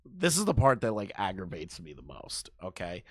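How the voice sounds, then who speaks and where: A man hosting a reaction commentary, sarcastic, jumping between loud outbursts and muttered asides. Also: low voice, wildly swooping pitch, normal speed, breathy edge, no room sound. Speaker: commentary channel host.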